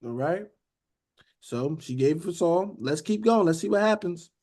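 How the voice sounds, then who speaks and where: A man's voice: high voice, moderate pace. A man teaching a Bible study in a conversational sermon style, breaking in to act out the characters and often saying "beloved" and "okay?". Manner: animated, acts out characters, frequent "beloved" and "okay?".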